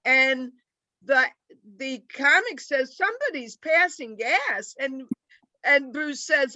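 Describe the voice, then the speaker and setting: Bright-voiced older New York woman comic. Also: sits high, takes it slowly, no room sound, low-quality recording. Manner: deadpan, rambling joke delivery. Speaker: stand-up comic. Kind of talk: stand-up comedy set on a video call.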